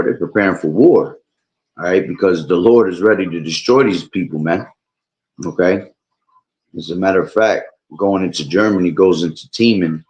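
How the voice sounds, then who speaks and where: A man's voice: low voice, darkish tone. A man preaching about prophecy and reading scripture aloud, rambling and checking in with "all right?" while he is losing his voice. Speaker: bible teacher streamer.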